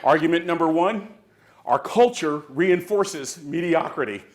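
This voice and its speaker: A man's voice: on the high side, measured pace. A man from the San Francisco Bay Area giving a motivational keynote to a live conference audience, preaching with call-and-response. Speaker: motivational speaker.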